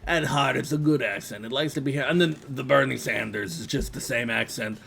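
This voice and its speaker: A man's voice: medium pitch, a little fast, gravelly, fairly bright tone, husky. A man casually commenting while he plays a fighting game, chatty and wry, drifting off on tangents. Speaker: streamer playing a fighting game.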